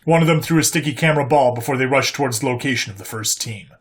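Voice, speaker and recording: A man narrating a sci-fi story in a steady, plain storytelling voice. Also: mid-range voice, fast talker.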